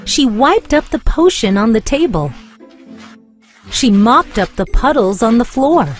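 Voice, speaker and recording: Slow, expressive woman storyteller. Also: a little high, soft background music. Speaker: storybook narrator. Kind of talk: scripted children's story narration.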